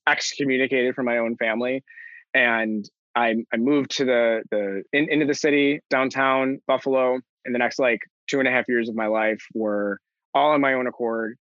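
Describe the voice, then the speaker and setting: A man's voice: medium pitch, a bit bright, no room sound, dull audio. A young man in an interview, recounting a personal story earnestly, with many fillers and restarts. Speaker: interview guest.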